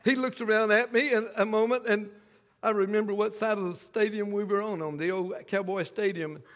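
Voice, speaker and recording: An older man preaching a sermon as pastor, telling a story in a halting way and often repeating his words. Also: high-pitched, fairly even intonation, a bit bright, in a large hall.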